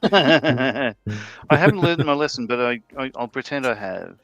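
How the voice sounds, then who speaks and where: A man's voice: medium pitch, animated, fairly bright tone, no room sound. A man chatting casually on a livestream, rambling and often restarting his sentences. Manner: rambling, halting, with frequent restarts and laughs. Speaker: livestream co-host. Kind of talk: casual chat while building models.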